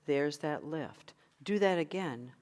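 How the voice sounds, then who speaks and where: Middle-aged woman, vocal coach, encouraging, slightly low voice, guides breath work. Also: expressive, takes it slowly, darkish tone. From United States. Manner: guiding breathing exercises, encouraging. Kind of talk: online vocal workshop.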